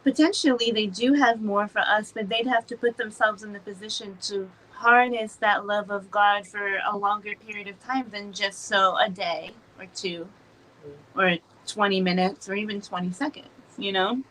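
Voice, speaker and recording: A woman co-hosting a podcast in casual chat, expressive, laughing often and swearing freely. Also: medium pitch, normal speed, rough recording. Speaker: podcast co-host.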